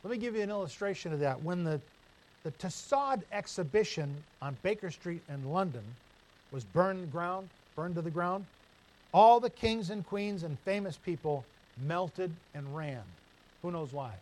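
A man with a fairly high voice preaches a sermon from the pulpit. He tells homespun stories and keeps asking the congregation rhetorical questions. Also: measured pace, rough recording. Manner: storytelling, animated, asks the room rhetorical questions. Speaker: pastor.

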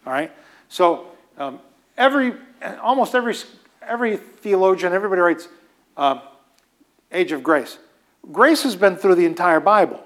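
Man, preacher, fairly high voice, conversational sermon, repeats words for emphasis. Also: expressive, normal speed, pauses often, a bit bright. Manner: emphatic, repeats phrases for stress; conversational asides and fillers. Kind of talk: sermon teaching.

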